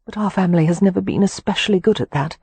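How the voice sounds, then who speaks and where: A woman's voice: medium pitch, quick pace, warm tone, breathy edge, no room sound, voice pushed up. A woman reading the part of a confident elder sister, firm and soothing.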